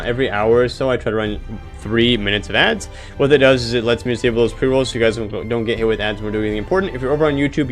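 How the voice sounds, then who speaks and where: A man streaming a video game, chatting and joking casually with his viewers. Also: mid-range voice. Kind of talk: casual gameplay commentary.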